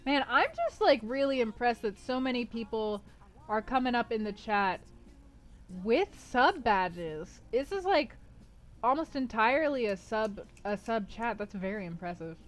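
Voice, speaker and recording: A woman's voice: on the high side, lively intonation, unhurried. A young American woman streaming from home, chatting casually and cheerfully with her live chat, often laughing.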